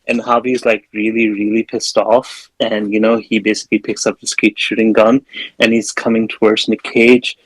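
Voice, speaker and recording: A man's voice: lowish voice, little pitch movement, moderate pace, dry recording, low-quality recording. A man hosting a podcast film review in casual chat, rambling and filler-heavy as he retells scenes. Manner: retells scenes with acted-out quotes. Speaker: podcast host.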